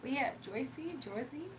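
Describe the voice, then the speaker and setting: A woman hosts a laid-back livestream, talking straight to her viewers. Her voice sits high and she laughs easily as she reads their messages out loud. She is a little off-mic, with a faint hum of the room behind her. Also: animated, slow pace. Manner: chatty, laughs often, reads chat aloud. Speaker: livestream host doing readings. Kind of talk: casual livestream chat with viewers. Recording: a bit distant from the mic, faint room noise.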